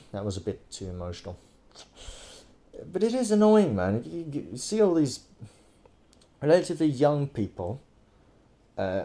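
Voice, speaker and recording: A man's voice: medium pitch, warm tone. A man from Thailand giving casual, profane, exasperated commentary full of fillers and restarts. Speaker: political commentator. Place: indoors over screen recording.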